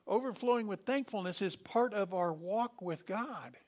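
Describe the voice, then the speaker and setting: A middle-aged man preaching a sermon, lively and animated, acting out quoted voices with sudden loud bursts. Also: high-pitched, normal speed. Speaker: pastor.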